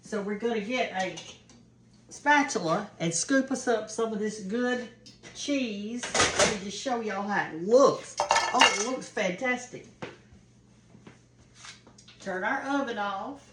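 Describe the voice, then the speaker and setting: A woman's voice: medium pitch, slow, long pauses. An older woman from the American South with a Southern accent, chatting folksily to viewers while cooking in her home kitchen. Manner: folksy, homey, talks to viewers as y'all and honey. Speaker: cooking show host. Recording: kitchen noise behind voice. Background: frying and sizzling of cooking.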